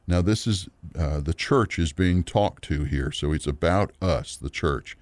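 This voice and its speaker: Deep-voiced man teaching a sermon. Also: darkish tone, dry recording. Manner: earnest, measured, with frequent fillers and restarts. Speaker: Bible teacher.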